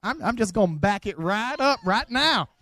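A man's voice: high voice, animated, normal speed, bright, forceful tone, no room sound. A man from the Southern United States, with a Southern accent, preaching an emphatic, joking sermon full of repeated phrases.

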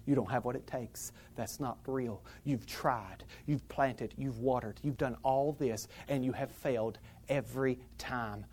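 A preacher voicing the enemy's accusing inner voice, hushed and belittling. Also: mid-range voice, a little slow, slight background noise, voice pushed down, close to an everyday voice. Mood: taunting.

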